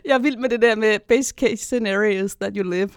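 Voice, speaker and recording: A woman co-hosting a podcast in a studio, reacting eagerly with quick agreement in casual chat. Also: medium pitch, no echo. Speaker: podcast co-host. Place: small studio.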